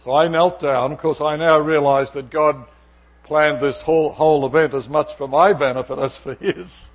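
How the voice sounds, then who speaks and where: A middle-aged pastor preaches a sermon built around a personal story, voicing the dialogue of the people in it. His voice is rather high, with mostly even intonation and a moderate pace.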